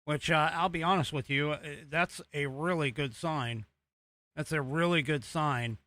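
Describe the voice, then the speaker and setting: An American podcast host runs a political talk show, sounding rambling and exasperated and tossing in sarcastic asides. His voice sits a little high, pushed and bright, at a measured pace, and the recording has no room sound. It's casual political commentary.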